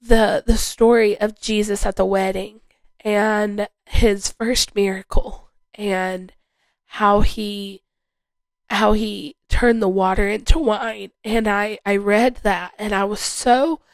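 A woman's voice: mid-range voice, fairly even intonation, slow, no room sound, low-quality recording. A woman hosting a podcast, sharing a heartfelt personal faith testimony in an earnest way and repeating phrases for emphasis. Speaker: podcast host.

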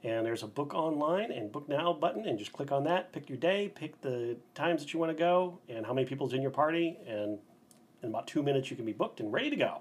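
A man with a husky, slightly breathy voice chats on a casual podcast. He sounds upbeat and enthusiastic and talks in a motivational way. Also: on the high side, animated, fairly quick. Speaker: bike tour guide, podcast guest.

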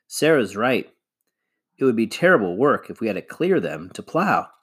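A man's voice: lowish voice, sing-song, moderate pace, breathy edge. A man voicing a practical, matter-of-fact young man in a storybook reading.

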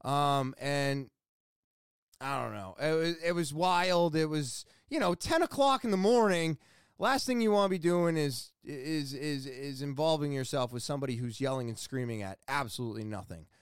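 A man's voice: on the high side, moderate pace, smooth, no echo, clean studio sound. A young man telling everyday stories in a loose, profane, ranting monologue, with plenty of fillers and restarts. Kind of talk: casual monologue.

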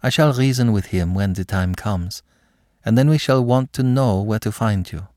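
A man voicing an earnest young woman who pleads eagerly and warmly for a friend. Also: lowish voice, moderate pace, no room sound, studio quality, close to an everyday voice. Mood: pleading.

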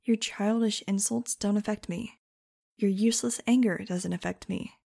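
A woman's voice: medium pitch, steady tone, moderate pace, gravelly, dark tone, slightly rough. A woman voicing a cold, controlling female director who is also the hero's mother, speaking in a clipped, dismissive way. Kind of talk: audiobook character voice.

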